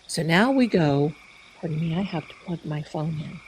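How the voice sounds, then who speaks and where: Animated woman storyteller on a live stream. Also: low-pitched, moderate pace, slight background noise, rough recording. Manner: animated, chatty, loud bursts of laughter. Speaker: psychic live-stream host.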